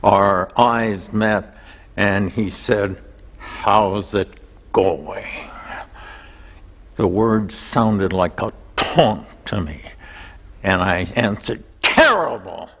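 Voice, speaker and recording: A man telling a personal story in a slow, thoughtful, expressive way as an interview guest. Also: on the low side. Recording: long hall reverb.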